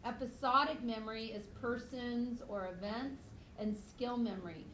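A woman's voice: a little high, normal speed, reverberant, slight background noise. A woman teaching a biology class, lecturing casually and acting out little voices and stories with frequent laughter. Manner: lively, acts out voices and laughs often. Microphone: tablet screencast mic.

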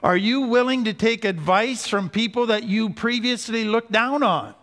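A man giving an earnest teaching talk on recovery, slowing down to stress key points. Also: high voice, fairly bright tone. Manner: earnest, slows down for emphasis. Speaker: recovery speaker. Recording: hall reverb.

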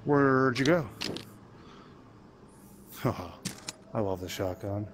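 Slow-talking playful man gaming. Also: mid-range voice, noisy background. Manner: playful, chatters to himself and to enemies. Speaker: gamer playing a zombie game. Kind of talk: let's play commentary.

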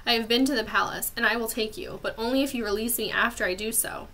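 A woman voicing a furious, vengeful female dragon with a hissing, raised, loud delivery in a storybook read-aloud. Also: a little high, fast. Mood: menacing.

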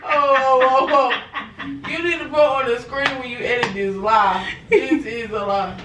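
Young woman joking around, kinda high voice, slow, off-mic in an echoey noisy room. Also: fairly even intonation, distant mic. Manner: laughing, joking, slangy. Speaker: vlog guest. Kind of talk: casual chat.

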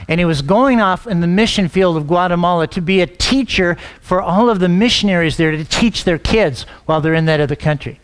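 Middle-aged male pastor with a high voice, storytelling sermon delivery, repeats and restarts words. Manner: storytelling, acts out quoted dialogue.

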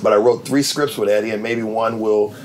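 A middle-aged man, a TV writer and producer, telling backstage stories in a relaxed, animated way, laughing as he goes and acting out the people he quotes. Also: lowish voice, brisk, a little hiss or hum, low-quality recording. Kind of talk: casual anecdotal storytelling.

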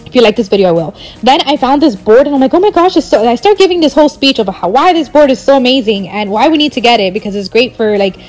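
Mom voiceover, thirties, high-ish voice, chatty storyteller who acts out every quote. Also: female voice, expressive, fast talker, hardly any pauses, a little mellow, faint music behind, low-quality recording. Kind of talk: casual vlog voiceover.

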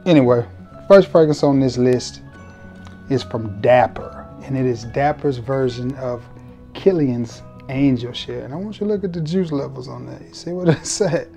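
A man's voice: mid-range voice, moderate pace, creaky, mellow, soft background music. A man hosting a casual fragrance review vlog, talking straight to viewers in a laid-back, joking, colloquial way.

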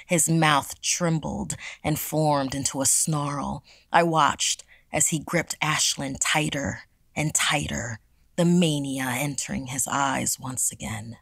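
Casting: woman storyteller for a horror podcast, gravelly low tone, dry close sound. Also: steady tone, slow pace, no room sound. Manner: hushed, dramatic reading. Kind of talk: scripted horror narration.

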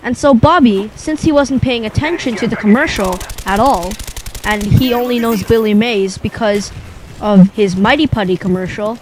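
A young man telling a rambling, improvised comic story in a deadpan way, pausing often. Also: high-pitched, background noise. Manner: rambling, deadpan, with long pauses.

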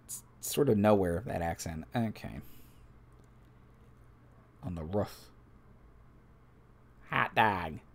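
A man with a fairly low voice reads a tabletop game's rules aloud on a live stream. He mixes plain reading with loose, offhand asides to his viewers, like a game master preparing a session. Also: lively intonation, slow pace, gravelly, long pauses, slight background noise.

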